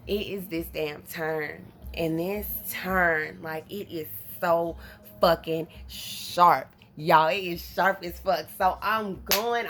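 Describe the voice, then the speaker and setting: A woman from North Carolina, telling a story to her vlog viewers in a casual, animated, profane way, calling them y'all. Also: lowish voice, slight background noise. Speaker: vlogger.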